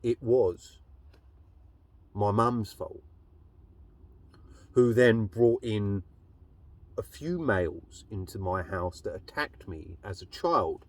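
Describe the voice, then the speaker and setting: A man's voice: lowish voice, lively intonation, slow pace, long pauses. A man telling a personal story in a blunt, rambling way, swearing heavily. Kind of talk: casual storytelling monologue.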